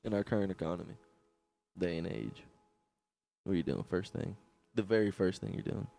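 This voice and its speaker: A man's voice: deep voice, fairly quick, gravelly, dark tone. A young man co-hosting a podcast, laughing often and bringing up crude news bits in casual chat. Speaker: podcast co-host.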